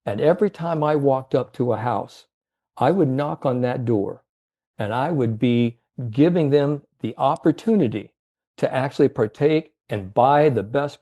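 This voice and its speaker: A man's voice: mid-range voice, mellow, lightly acted. A man voicing a homespun eighty-six-year-old male door-to-door salesman with plainspoken pride.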